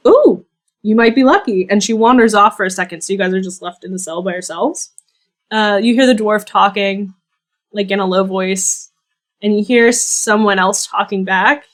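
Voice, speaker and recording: Easygoing woman running a tabletop game. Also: mid-range voice. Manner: easygoing, laughs often. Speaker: game master.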